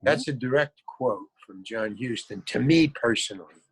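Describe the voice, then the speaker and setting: A man's voice: mid-range voice, expressive, normal speed, husky, no room sound, rough recording. An older man, an actor, telling rambling anecdotes in a casual interview. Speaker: actor guest.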